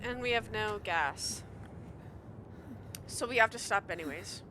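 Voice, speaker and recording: A woman streamer giving animated, swearing commentary as she plays a game and talks to its characters. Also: medium pitch, unhurried, noisy background. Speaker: gamer streamer. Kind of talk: let's play commentary.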